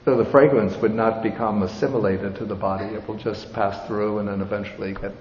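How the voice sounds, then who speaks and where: A man giving a dharma talk as a Buddhist teacher, explaining a scripture in a slow, measured, explanatory way. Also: on the low side, steady tone. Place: large hall with audience. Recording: reverberant hall, dull sound, faint hiss.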